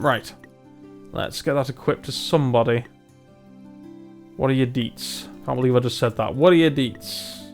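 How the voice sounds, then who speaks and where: A man, commentating a strategy game in a chatty, self-mocking way. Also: mid-range voice. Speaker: gamer. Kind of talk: let's play commentary.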